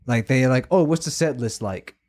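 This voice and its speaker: A man co-hosting a podcast, telling a story in casual chat, emotional and animated, swearing a lot. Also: medium pitch, moderate pace. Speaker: podcast co-host.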